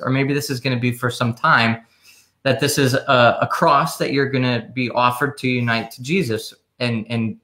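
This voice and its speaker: A man's voice: medium pitch, pushed and bright, echoey room. A man who is a psychologist and author, earnestly explaining his ideas in a casual interview. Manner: earnest, explaining at length with restarts.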